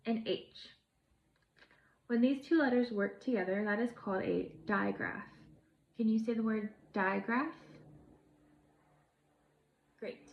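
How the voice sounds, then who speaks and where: A young woman, a pre-service teacher, leading a phonics lesson for young children, speaking slowly and encouragingly. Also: fairly high pitch, a little hiss or hum. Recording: echoey room, dull lo-fi sound.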